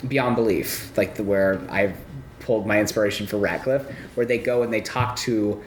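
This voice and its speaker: A man in a casual, playful chat with a fellow cast member, often leaping into higher voices when quoting people. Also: steady tone, normal speed, a little hiss or hum. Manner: playful, jumps high when quoting others. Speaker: cast member interviewing a castmate.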